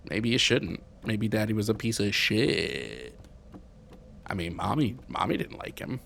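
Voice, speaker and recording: A man's voice: medium pitch, sing-song, moderate pace, creaky, sharp tone, dry recording. Sarcastic, swearing young man streaming a game. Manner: sarcastic and profane, wisecracking. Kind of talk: live game commentary.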